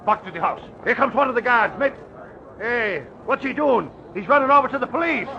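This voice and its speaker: An actor playing a brash, excitable, bossy man in an old radio drama. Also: extremely high pitch, brisk, gravelly, heavily acted. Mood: excited. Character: blustering pushy middle-aged man. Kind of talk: 1940s radio acting. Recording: dull lo-fi old radio recording with crowd.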